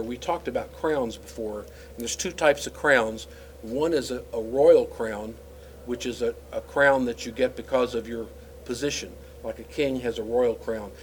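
Man, Bible teacher, casual explanatory delivery, mid pitch, faint background hiss. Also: rough recording. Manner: casual, explanatory, with frequent fillers and restarts.

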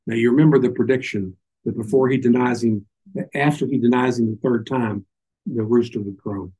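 A man's voice: mid-range voice, dark tone, slightly rough, rough recording. An older man with a Southern accent giving an informal Bible teaching, folksy and full of little stories and asides. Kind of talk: informal sermon.

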